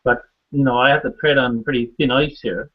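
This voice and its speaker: A man's voice: mid-range voice, steady tone, fairly quick. A man hosting a training call, making brief, joking asides to his guest. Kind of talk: casual chat. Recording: phone-line audio.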